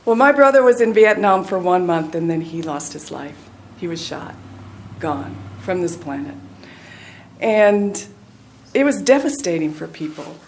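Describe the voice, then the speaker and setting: Earnest older woman giving a devotional talk. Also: mid-range voice. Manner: earnest, drops to a soft hush at tender points. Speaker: spiritual teacher. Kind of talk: devotional talk with a personal story.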